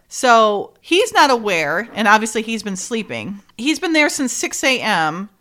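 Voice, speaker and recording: Chatty woman, kinda high voice, laughs a lot while retelling scenes. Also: moderate pace, few pauses. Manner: animated retelling, acts out dialogue, laughs often. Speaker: podcast host recapping a TV episode. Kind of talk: casual chat.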